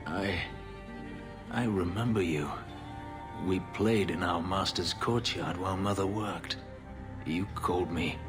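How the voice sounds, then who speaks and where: An actor playing a brooding, wary elf warrior in a game, speaking haltingly and guarded. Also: male voice, sits low, over music.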